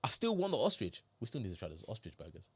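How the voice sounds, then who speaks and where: A man's voice: on the low side, fast, slightly rough. A man, co-hosting a podcast in casual joking chat, swearing freely. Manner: joking, swears, animated bursts of laughter. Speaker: podcast co-host.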